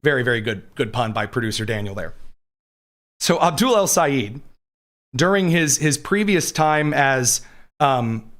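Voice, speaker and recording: A man's voice: mid-range voice, animated, unhurried, fairly bright tone. A man hosting a live political commentary show from a studio, combative and sarcastic, reading news quotes aloud between his own remarks.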